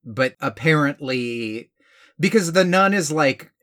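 A man's voice: on the high side, animated, slow, a bit bright. A man co-hosting a casual film review chat, blunt, profane and exasperated. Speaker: podcast co-host.

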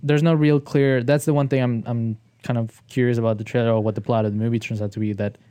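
A man co-hosting a casual film podcast, talking in halting, hedging restarts. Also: mid-range voice, level tone, dark tone, smooth, no echo. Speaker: podcast co-host. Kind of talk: casual chat.

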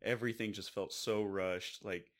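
A man's voice: lowish voice, fairly even intonation, normal speed. A man co-hosting a casual chat, laid-back and slangy.

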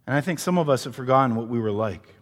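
A pastor with a mid-pitched voice delivers a quick-paced sermon as animated storytelling, swinging between loud, emphatic lines and hushed ones. A long hall reverb trails every phrase.

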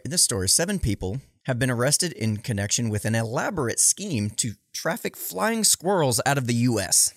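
A man's voice: mid-range voice, dry recording, studio quality. Blunt, profane man hosting a livestream. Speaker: livestream host. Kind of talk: casual live commentary on debate clips.

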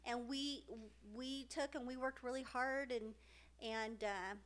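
A woman's voice: high-pitched, steady tone, slow, a bit bright. Earnest, emotional middle-aged woman. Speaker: podcast co-host. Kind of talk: casual heartfelt podcast chat.

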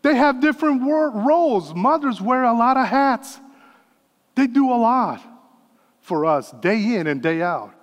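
A man's voice: very high-pitched, big pitch swings, a little slow, in a large hall. A man in his fifties preaching a sermon as pastor, earnest with folksy asides. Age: 50s.

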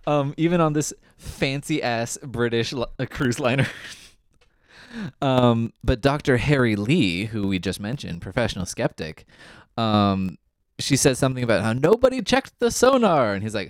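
A man's voice: mid-range voice, animated, normal speed, dry recording, studio quality. A man co-hosting a podcast, casually recapping a TV episode, chatty and often laughing, with lots of ums. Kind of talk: casual chat.

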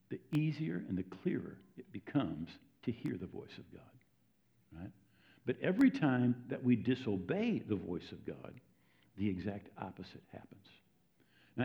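Through a dull, lo-fi recording comes a medium-pitched, creaky male voice preaching. He is from the United States and tells his sermon like a story, often pausing to engage the congregation.

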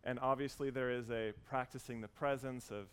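A man in his thirties preaching a sermon, earnest and warm as he tells a story, with frequent restarts. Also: medium pitch, steady tone, fairly quick, clean tone. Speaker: pastor.

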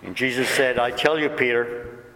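A man's voice: mid-range voice, fairly even intonation, normal speed, pushed and bright, reverberant, in a large hall. A man preaching a sermon as a deacon, reading scripture aloud with quoted dialogue.

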